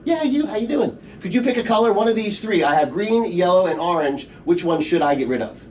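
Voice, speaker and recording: Recorded from the audience, a middle-aged male magician's voice sits high, brisk, animated, and darkish as he delivers playful, teasing patter in a live comedy magic show. The front-row camera in the theater show room picks him up distantly, with faint room noise.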